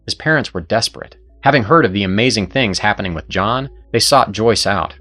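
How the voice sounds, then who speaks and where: Earnest low-voiced male narrator. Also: animated, fairly quick, sharp tone, faint music behind. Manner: earnest, persuasive storytelling. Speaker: host and narrator. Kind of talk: scripted narration.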